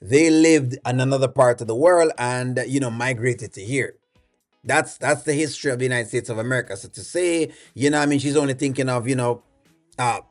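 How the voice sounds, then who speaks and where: A man with a Jamaican accent hosting a reaction video, giving rambling, opinionated commentary full of fillers. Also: medium pitch. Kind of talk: casual commentary.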